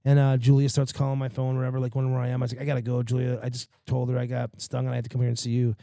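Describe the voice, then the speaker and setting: A man's voice: medium pitch, vocal fry, dry recording, clean studio sound. A man hosting a podcast, telling funny stories about his family in a casual, profane way. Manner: fast, profane, animated storyteller. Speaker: podcast host. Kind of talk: casual storytelling chat.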